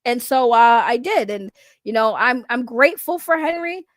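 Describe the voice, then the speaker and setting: A woman's voice: a little high, expressive, moderate pace, no room sound. A woman doing casual livestream commentary, rambling and blunt, swearing freely and laughing often. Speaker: online commentator.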